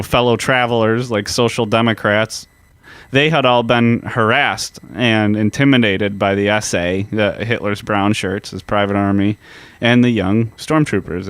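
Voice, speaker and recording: Smooth-voiced male history podcast host. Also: medium pitch, a bit bright, no room sound. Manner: explains at length, casual, with fillers and profanity. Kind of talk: casual history podcast talk.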